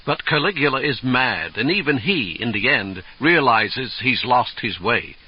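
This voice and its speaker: A man's voice: medium pitch, sing-song, unhurried, slightly rough. A man reading as an earnest defensive actor. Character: defensive middle-aged male actor. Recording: dull lo-fi 1970s tape.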